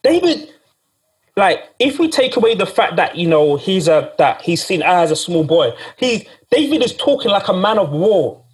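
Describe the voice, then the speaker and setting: Husky-voiced man preaching casually. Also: sits high, very animated, normal speed. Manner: conversational, repeats himself and says "guys". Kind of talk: sermon.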